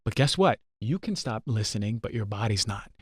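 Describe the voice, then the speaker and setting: A man's voice: on the low side, expressive, fairly quick, slightly rough, dry recording, clean studio sound. A man talking earnestly as a podcast guest, emphatic and repetitive, checking in often with "right?". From New Jersey. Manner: emphatic, repeats phrases, frequent "right?". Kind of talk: earnest conversational teaching.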